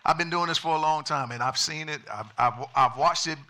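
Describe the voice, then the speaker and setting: A man's voice: on the high side, a little fast, bright, forceful tone. A male pastor preaching a sermon emphatically and calling on the congregation to respond.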